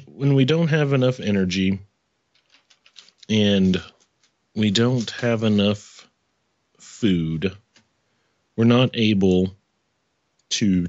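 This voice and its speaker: A man hosts his own podcast in a loose, rambling commentary style, often stopping to correct himself and tossing in profane asides. His voice sits very low. The recording is dry and slightly muffled, like a small home setup. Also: no echo. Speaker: podcast host. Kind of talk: casual political commentary.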